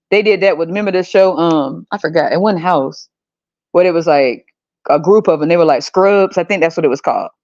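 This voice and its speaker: A woman hosts her podcast in a loose, ranting style, blunt and fed up, dropping curses without a second thought. Her voice sits at a middling pitch, and the recording sounds dull and muffled. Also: darkish tone. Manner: blunt, exasperated, swears freely. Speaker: podcast host. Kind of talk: casual ranting commentary.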